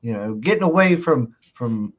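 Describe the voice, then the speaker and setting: A man's voice: mid-range voice, expressive, normal speed. A man hosting a casual live chat show, reading viewer comments with playful mock indignation and frequent laughter. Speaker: host.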